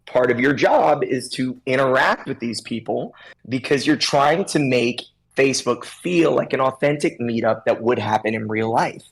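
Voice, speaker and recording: A man's voice: medium pitch, moderate pace, creaky, husky, low-quality recording. A man speaking as the guest expert on a podcast chat, coaching stylists in an emphatic way and acting out little scenes. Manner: acts out little scenes in different voices.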